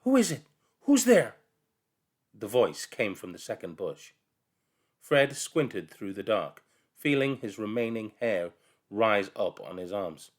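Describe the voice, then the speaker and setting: A man reading a children's novel aloud with expressive storytelling. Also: fairly low pitch, unhurried. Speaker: reader.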